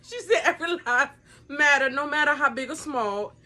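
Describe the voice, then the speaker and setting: A woman's voice: high voice, normal speed, sharp tone. A young woman, the daughter filming the prank, pleading with her mother and stifling giggles. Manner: pleading, giggling, repeating herself.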